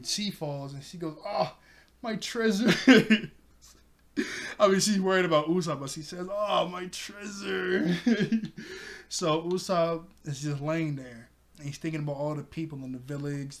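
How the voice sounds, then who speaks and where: Chatty, giggly young man recapping. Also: a little high. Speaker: anime reviewer. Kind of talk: casual episode recap.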